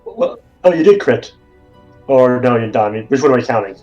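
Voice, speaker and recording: A man's voice: medium pitch, very animated, brisk, darkish tone, highs cut off, faint music behind. A man playing a tabletop game, chatting casually and stumbling over his words with many restarts. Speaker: player.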